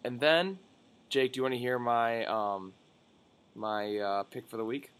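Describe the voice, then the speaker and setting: Young male podcast co-host, mid-pitched, excitable, jokey, swears often. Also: measured pace, clean tone. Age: young adult. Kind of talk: casual sports podcast chat.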